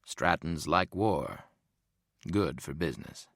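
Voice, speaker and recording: Cool, condescending corporate boss, voiced by a male narrator; very low, unhurried delivery. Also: animated, creaky, fairly bright tone, no echo, clean studio sound, heavily acted. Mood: smug, calm. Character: calm, smug bald male executive.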